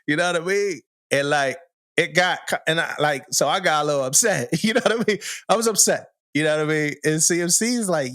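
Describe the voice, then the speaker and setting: A man's voice: fairly high pitch, brisk, a bit bright, no room sound, clean studio sound. A man, a podcast co-host, telling a story in a loose, slangy way, often laughing and asking "you know what I mean". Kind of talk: casual storytelling chat.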